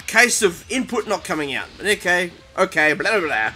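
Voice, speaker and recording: A young man giving excitable, panicky commentary over his own fighting-game match, taunting his opponent. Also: high voice, fairly quick, hardly any pauses. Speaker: gaming YouTuber. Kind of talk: live gameplay commentary. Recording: game music behind voice.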